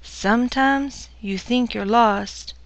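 Slow, measured woman narrating a story. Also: on the high side, no echo, muffled recording.

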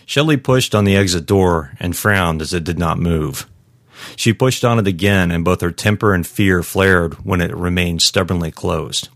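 A man narrating a story in a very deep voice, steady and measured. The recording is dry, with no room sound. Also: no echo. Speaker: audiobook narrator. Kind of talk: scripted narration.

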